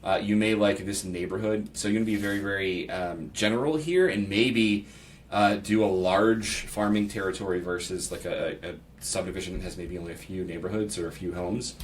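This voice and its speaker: Guy from pittsburgh doing a casual screen tutorial, lowish voice, mic a bit far off w faint hiss. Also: fairly quick. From Pittsburgh, United States. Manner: relaxed, thinks aloud, reads template text aloud with asides. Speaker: real estate agent giving a software tutorial. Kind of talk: casual screen-share walkthrough. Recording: slightly distant mic with faint background noise.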